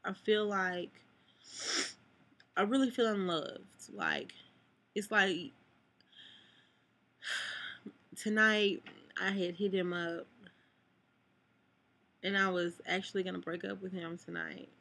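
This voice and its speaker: A young woman pours her heart out to her camera in a bright, clear voice. She rambles, loops back on herself and leans on "like" as she talks. At times she is close to tears. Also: fairly low pitch, slow, pauses often. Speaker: vlogger. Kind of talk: emotional personal vlog talk. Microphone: camera mic.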